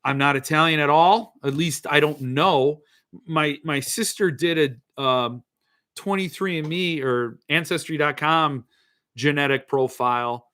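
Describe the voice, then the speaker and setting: A man's voice: on the high side, unhurried, bright, forceful tone, clean tone. A middle-aged man hosting a podcast, chatting casually in a rambling, jokey, self-mocking way. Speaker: podcast host. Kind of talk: casual chat.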